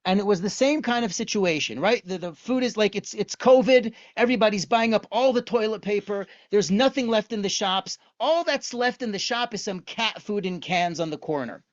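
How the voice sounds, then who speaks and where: A man teaches an online lesson and tells its story with animated energy and frequent rhetorical questions. The recording sounds dull and lo-fi. The room is dry, with no echo. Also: sits high, normal speed, few pauses. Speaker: lecturer on Jewish texts.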